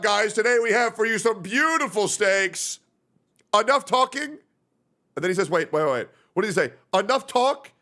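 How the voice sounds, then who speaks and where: A man's voice: on the high side, fairly bright tone. A young man chatting casually on a livestream, rambling, swearing a lot and reacting to chat messages as he reads them. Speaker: streamer.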